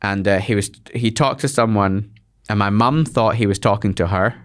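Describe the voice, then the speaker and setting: Rambling Scottish man telling stories. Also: lowish voice. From Scotland. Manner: rambling storyteller with quick restarts. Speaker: guest comedian. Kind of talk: casual anecdotal chat.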